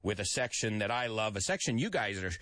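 A man hosting a radio show, his voice bright and ringing, swinging widely up and down in pitch. He reads listener comments aloud and slips into Spanish between English idioms. The sound is dry and close. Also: very animated, brisk, no room sound. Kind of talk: lively radio show chat.

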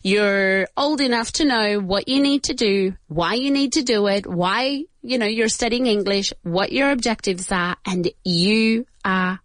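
Slow, patient female English teacher. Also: medium pitch. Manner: patient, repeats each word for students to echo; switches briefly into Spanish to explain. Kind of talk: slow, drilled beginner English lesson.

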